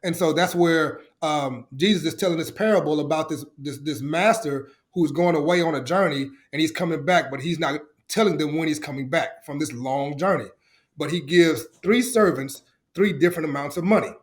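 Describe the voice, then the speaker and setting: Guest spot: middle-aged man with a high, bright voice, storyteller who acts out quotes. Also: normal speed. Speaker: podcast guest, ministry founder. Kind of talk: enthusiastic testimony.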